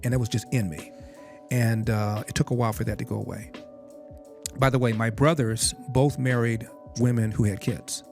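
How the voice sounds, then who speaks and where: A man's voice: mid-range voice, steady tone, moderate pace, gravelly, darkish tone. An older man recounting a family story as a podcast guest, quoting his father in direct speech. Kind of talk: storytelling in an interview. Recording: music bed behind the voice.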